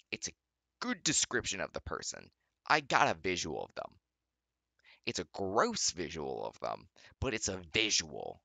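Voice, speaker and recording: A man's voice: sits low, creaky, bright, forceful tone, no room sound. A young man, the channel's host, reading fanfiction aloud with sarcastic, exasperated commentary and mocking rants at his computer. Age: young adult.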